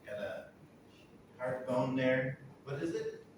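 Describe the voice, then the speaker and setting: Slow, patient male English teacher. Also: medium pitch, expressive. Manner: slow, patient, quizzing the students. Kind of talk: online English lesson. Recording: echoey room, far from the mic, noisy.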